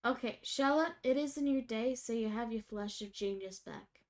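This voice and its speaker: A woman's voice: fairly high pitch, normal speed, crowd noise. A woman narrating as game master of a tabletop role-playing game, casual and descriptive.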